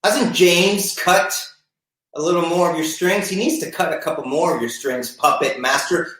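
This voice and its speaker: A man's voice: a little high, fairly bright tone. A man playing the mocking villain in a wrestling-style panel feud, drawing out his sarcastic lines. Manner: mocking, drawn-out sarcastic delivery. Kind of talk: wrestling-style heel banter. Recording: echoey room, far from the mic.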